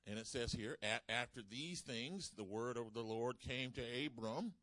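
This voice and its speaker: A man preaching a sermon, calling out to the congregation and swinging between loud emphasis and soft asides. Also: mid-range voice, a little slow, dry recording. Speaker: pastor.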